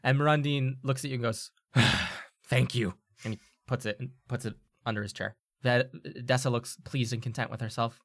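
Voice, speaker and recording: A game master narrating a tabletop game, loose and laughing between quick asides. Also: medium pitch, fairly even intonation, no echo, studio quality.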